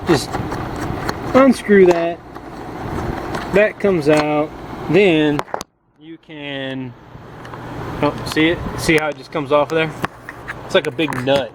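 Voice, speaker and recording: A man's voice: a little high, fairly even intonation, slow, pauses often, background noise. A man giving a casual how-to commentary as a motorcycle vlogger, joking as he works one-handed and holding the camera. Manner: chatty, joking, talks while working one-handed. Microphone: camera held in one hand.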